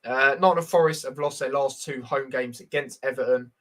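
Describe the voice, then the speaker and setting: A man's voice: mid-range voice, brisk, a bit bright. A young man giving casual, blunt football predictions on a livestream, reading stats and viewer comments with lots of fillers.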